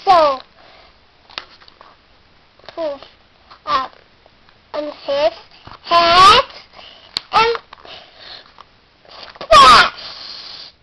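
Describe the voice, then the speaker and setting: A little girl retelling a fairy tale in halting, restarting phrases. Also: very high voice, noisy background. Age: young child. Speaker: child storyteller.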